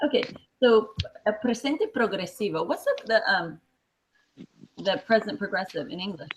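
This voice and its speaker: A woman's voice: medium pitch, expressive, moderate pace, a little hiss or hum, low-quality recording. A woman teaching a classroom lesson, explaining patiently step by step with many fillers. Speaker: Spanish teacher.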